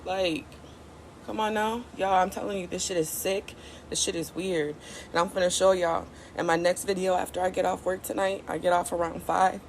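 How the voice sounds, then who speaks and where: Early in the morning at home, a young social media vlogger vents tearfully into her phone, rambling, blunt, and profane. Her lowish voice has vocal fry, fairly even intonation, and a moderate pace, with slight background noise.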